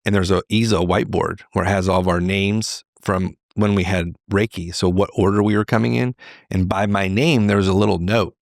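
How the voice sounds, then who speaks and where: Low gravelly man telling his story. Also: fairly quick, dry recording, studio quality. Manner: animated, acts out quoted voices. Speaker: podcast guest, veteran. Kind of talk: candid personal storytelling.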